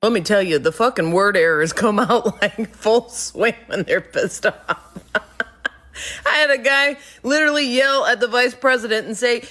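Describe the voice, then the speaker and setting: With a slightly high voice at normal speed, this workplace manager spins comic tales about the people who work for her. She's animated, swears without restraint, and often laughs in the middle of a sentence.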